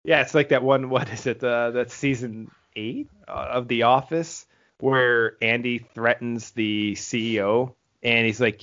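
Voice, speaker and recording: A man hosting a podcast in casual chat, rambling quickly and laughing often. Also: mid-range voice, steady tone, a bit bright. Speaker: podcast host. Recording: dull lo-fi audio.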